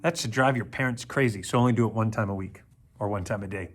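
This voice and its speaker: A man's voice: fairly low pitch, fast talker, music in the background. A man teaching an orchestra video lesson to children, counting aloud, joking with them and demonstrating on string instruments. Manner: jokey, playful asides to kids. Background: plucked string instrument demonstrations.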